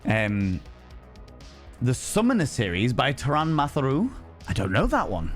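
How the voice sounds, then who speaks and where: A man's voice: mid-range voice, huge pitch swings, measured pace, faint music behind. A man casually chatting on a live stream, reading chat aloud, swearing freely and slipping into cheeky put-on voices.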